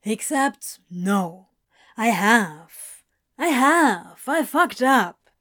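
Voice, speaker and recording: A woman's voice: medium pitch, takes it slowly, darkish tone, no room sound, studio quality, lightly acted. A woman voicing a male demon who talks earnestly, mumbles and whines in remorse. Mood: remorseful. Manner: earnest, mumbling, whiny confessions.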